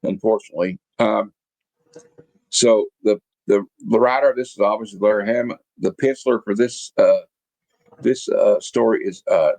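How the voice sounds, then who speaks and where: A man's voice: on the low side, a little mellow, no room sound, poor audio. A man co-hosting a comic review show, casually recapping the story with lots of fillers and quoted lines. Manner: rambling, with many fillers and restarts, quotes the characters. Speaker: comic review podcast co-host.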